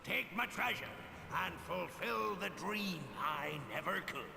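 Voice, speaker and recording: Captain Crow, a gravelly ghost pirate. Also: male voice, high voice, lively intonation, full character voice. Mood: grandly solemn. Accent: pirate-style English. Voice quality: gravelly, drawn-out. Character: ghostly old male pirate captain, boastful. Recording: echoey hall reverb, noisy.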